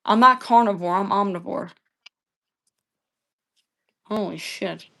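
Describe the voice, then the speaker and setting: Speaking slowly with vocal fry, this woman has a medium-pitched, slightly bright voice. She's a livestream debater locked in a heated fight with her chat, swearing, scolding and saying the same things again and again.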